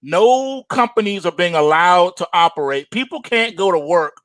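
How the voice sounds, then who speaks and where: A man's voice: sits high, expressive, moderate pace, fairly bright tone, no room sound. A man hosting a trading show, chatting casually, laughing hard and exclaiming in disbelief. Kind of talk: casual chat.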